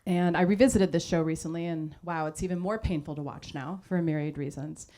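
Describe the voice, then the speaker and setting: A woman hosting a live stage interview, asking measured, prepared questions. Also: low voice, steady tone, dark tone. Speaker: host.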